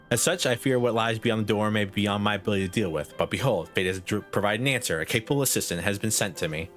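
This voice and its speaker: A man's voice: lowish voice, fast talker, fairly bright tone, soft background music, lightly acted. A man voicing a haughty woman professor who grades everyone, reading in a prim, lecturing Valley Girl lilt.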